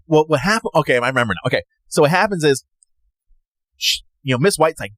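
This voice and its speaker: A man tells a personal story in a loose, rambling way, his pitch swinging widely as he acts out what other people said. The sound is dry and close, with no room around it. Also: lively intonation, fast, fairly bright tone, no echo. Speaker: podcast host.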